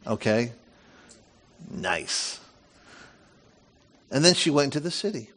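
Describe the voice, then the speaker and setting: Animated man preaching a sermon. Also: mid-range voice, takes it slowly. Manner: animated storytelling, reads scripture with lively asides. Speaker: pastor.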